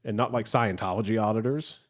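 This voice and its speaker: A man's voice: lowish voice, fairly quick. A man co-hosting a podcast, telling a long story in casual chat with lots of restarts and asides. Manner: rambling storyteller with restarts and laughs. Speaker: podcast co-host.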